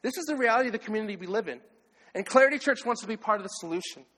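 A man preaching a sermon as pastor, animated and acting out the voices of others. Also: high voice, very fast. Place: church hall. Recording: long hall reverb.

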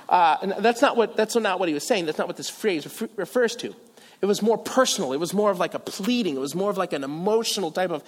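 A man from Virginia preaching a sermon as pastor, animated and self-deprecating, with asides and restarts. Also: high-pitched, fast talker. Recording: long hall reverb.

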